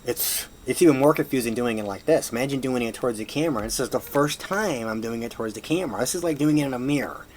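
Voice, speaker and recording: A hobbyist walks through a puzzle solve at home, casually talking fast with few pauses and apologizing self-deprecatingly as he fumbles. His voice is medium in pitch, and his camera mic picks up slight background noise.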